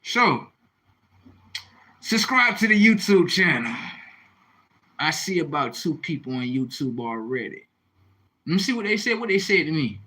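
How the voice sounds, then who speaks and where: Brief: male livestream host, husky and bright, loose and profane. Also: a little high, a little slow, pauses often, low-quality recording. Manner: profane, animated, rambling, reads viewer comments. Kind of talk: casual livestream chat.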